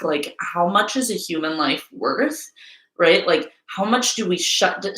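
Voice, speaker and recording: Woman, live-stream Q&A host, chatty, rambling, lowish pitch, roomy echo. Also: a bit bright. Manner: chatty, rambling, filler-heavy. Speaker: YouTuber hosting a live Q&A. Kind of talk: casual live-stream chat.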